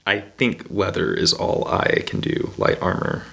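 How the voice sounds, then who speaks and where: A man playing a tabletop game, speaking in a tentative, measured way. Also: low voice, fairly even intonation, vocal fry, pushed and bright. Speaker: player. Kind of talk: casual tabletop role-play.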